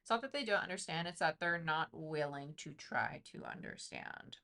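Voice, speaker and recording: A woman's voice: low-pitched, big pitch swings, normal speed, bright, forceful tone. A woman giving a casual tarot reading, chatty and intuitive, thinking aloud with lots of fillers. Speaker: tarot reader.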